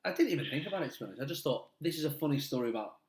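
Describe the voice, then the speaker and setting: A man's voice: fairly high pitch, animated, rapid-fire, crowd noise. A middle-aged comedian with a Manchester accent, chatting casually and rambling through self-deprecating anecdotes, laughing as he tells them. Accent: Mancunian. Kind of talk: casual chat. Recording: roomy echo.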